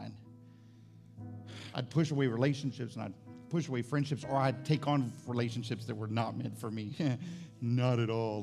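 A man preaching a sermon in a conversational, testimony style. He often repeats words as he builds up, and he climbs higher and louder when stirred. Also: vocal fry. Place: church service.

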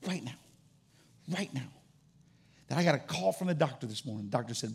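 A man with a high, gravelly voice preaches a sermon with fervor. He swings between loud, ringing calls and quiet, hushed asides. His delivery stays lively and full of conviction. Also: fairly quick. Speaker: pastor.

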